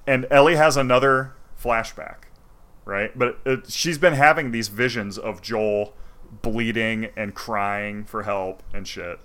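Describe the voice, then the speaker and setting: A man in casual chat, retelling a game's story in an animated, profane way. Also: lowish voice, takes it slowly, clear, resonant tone. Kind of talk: casual chat retelling a video game plot.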